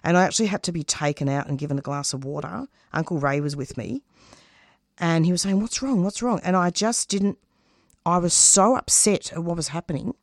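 A woman's voice: lowish voice, a little fast, dry recording, clean studio sound. A woman who produces radio, speaking in an interview with intense, emphatic feeling. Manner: intense, emphatic, openly emotional. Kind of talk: candid interview answers.

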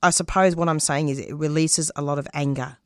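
This radio producer has a deep voice with fairly even intonation and a fairly quick pace. The recording is dry and clean, studio quality, as she gives candid interview answers in an intense, emphatic, openly emotional manner.

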